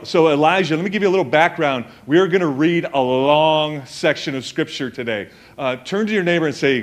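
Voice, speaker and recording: A man who is a pastor, preaching a sermon to his congregation in a conversational, joking way with many fillers and asides. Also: medium pitch. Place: church in front of a congregation.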